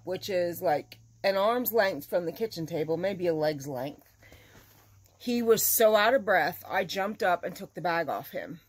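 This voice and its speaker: A woman crochet vlogger chatting casually to her viewers, telling an animated story. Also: mid-range voice. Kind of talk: casual chat to camera.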